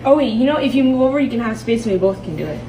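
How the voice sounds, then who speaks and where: A woman's voice: on the high side, lively intonation, very fast, reverberant, far from the mic, background noise. A woman at home being filmed on a phone, confused and laughing nervously as she keeps asking what is going on. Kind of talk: casual home video chat. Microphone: phone camera.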